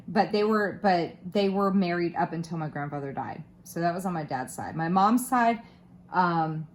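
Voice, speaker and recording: A woman in her thirties or forties talks in a lower register with a slight Florida twang, wandering from thought to thought. She chats casually while crafting and pokes fun at herself. A faint background hiss runs under her voice. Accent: Southern US, Florida twang. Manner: rambling and self-deprecating, many fillers. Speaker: crafting vlogger.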